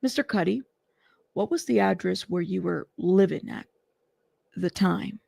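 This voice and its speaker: A woman's voice: fairly low pitch, measured pace, vocal fry, darkish tone, slightly rough, no room sound, full character voice. A woman reading out a prosecutor's careful, methodical questions to a witness in court. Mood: questioning.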